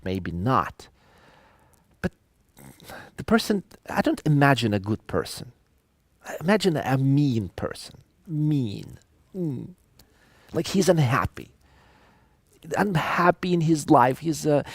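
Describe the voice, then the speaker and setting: This man's medium-pitched voice carries no room sound as he gives an online lecture. He speaks with animation, adds musing asides, and reads examples out loud.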